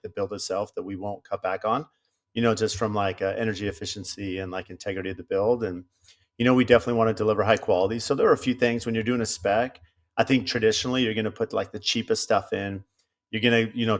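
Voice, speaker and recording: A man with a low voice, a home builder appearing as a podcast guest. He speaks in a measured, reflective way and thinks aloud as he goes. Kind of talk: casual chat.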